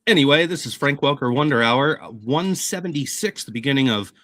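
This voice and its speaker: Tipsy male podcast host, lively up-and-down delivery, dry close mic. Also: medium pitch, a little fast, no echo. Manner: loose, laughing, a little tipsy. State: tipsy from rum. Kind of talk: casual podcast banter.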